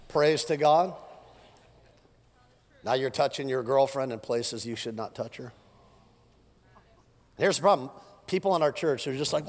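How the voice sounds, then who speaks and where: A man preaching an energetic, joking sermon to a congregation, his voice worn thin from preaching many services, swinging between loud jabs and quiet asides. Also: medium pitch, unhurried, long pauses. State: losing his voice. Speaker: pastor. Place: church auditorium with live congregation. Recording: long hall reverb.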